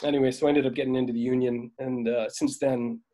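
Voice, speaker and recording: A man's voice: medium pitch, flat delivery, fast talker, warm tone. A middle-aged man, a film crew veteran, telling rambling stories in a casual interview, with frequent fillers and laughs. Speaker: veteran dolly grip, guest.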